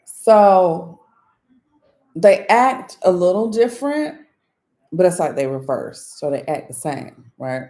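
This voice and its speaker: A woman with a low, mellow voice chats casually with her viewers. She tells stories in a lively, swooping way, candid and profane, often breaking into laughter. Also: slow. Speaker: spiritual reader and channel host. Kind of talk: casual storytelling chat to viewers.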